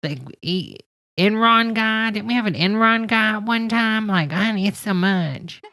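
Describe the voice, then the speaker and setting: A woman's voice: medium pitch, unhurried, bright, forceful tone, no echo, low-quality recording. A woman hosting comedic reaction commentary over a hearing clip, sarcastic and profane, calling everyone honey.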